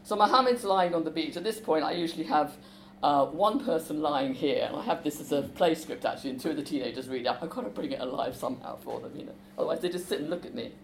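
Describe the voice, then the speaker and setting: A woman author talking about her visits to schools, lively and chatty. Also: sits low, fast talker, roomy sound, a little hiss or hum, rough recording. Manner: lively, chatty, with fillers and restarts. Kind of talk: talk with a book reading.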